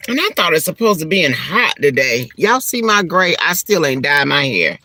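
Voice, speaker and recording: A woman's voice: deep voice, moderate pace. A middle-aged woman, chatting casually to her viewers over lunch, calling them honey and child and laughing often. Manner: chatty, Southern-style endearments like honey and child; animated and laughing, church exclamations. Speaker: vlogger. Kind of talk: casual mukbang-style chat.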